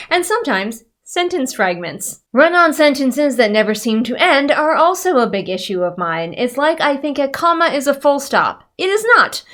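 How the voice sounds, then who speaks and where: A woman talks straight to her viewers in a loose, conversational vlog. She sounds candid and pokes fun at herself, at a middle pitch typical for a woman. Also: a bit bright. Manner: candid, self-deprecating, conversational. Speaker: writer and developmental editor. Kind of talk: casual chatty vlog.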